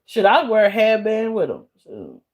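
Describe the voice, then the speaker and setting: A woman's voice: medium pitch, sing-song, moderate pace. A woman live streamer chatting casually with her viewers, blunt and profane, often breaking into laughter as she answers trolls.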